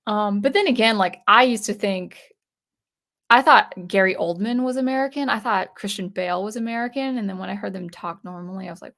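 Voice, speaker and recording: A woman's voice: medium pitch, brisk, gravelly, fairly bright tone. A young adult woman hosting a casual livestream, reading chat comments aloud in a chatty, hesitant way with many fillers and restarts. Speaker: livestream host.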